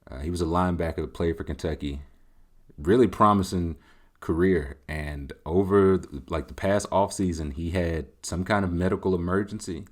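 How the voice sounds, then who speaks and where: A man's voice: sits low, moderate pace. A man hosting his own show, giving casual joking commentary on sports and video games. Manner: jokey, animated, voices quoted game text. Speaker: host.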